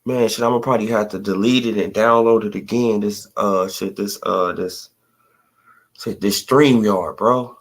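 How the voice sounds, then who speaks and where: A man's voice: on the low side, fairly even intonation, normal speed. Man, livestream host, casual commentary, slangy, profane, rambling.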